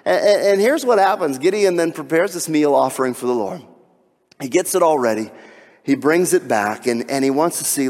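A man's voice: mid-range voice, fairly quick, darkish tone, long reverb tail. A male pastor preaching a sermon, acting out the voices in the scripture story as he talks. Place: church sanctuary.

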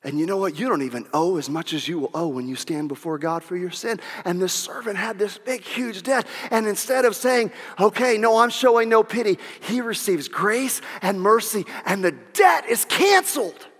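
A man preaching with a very high, bright and forceful voice that rings out in the long reverb of a large hall. He drives his sermon with animated, shouted peaks and quick whoops, then drops back to plain talk. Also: breathy edge. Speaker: pastor.

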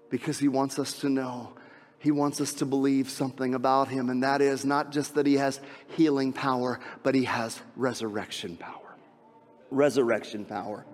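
A man preaching an Easter sermon as pastor, emphatic, repeating key phrases and dropping to hushed tones. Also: mid-range voice, big-room sound. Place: church sanctuary.

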